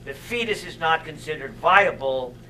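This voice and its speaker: A middle-aged male stand-up comedian who tells jokes on stage in a wry, deadpan way, leaving long pauses for laughs. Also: a little high, a little hiss or hum, poor audio. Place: theater stage.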